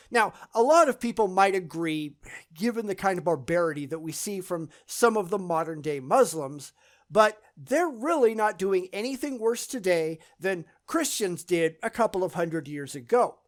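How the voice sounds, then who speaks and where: A YouTube channel host answering viewer questions in a blunt, scornful, profane monologue with dismissive sarcasm. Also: mid-range voice.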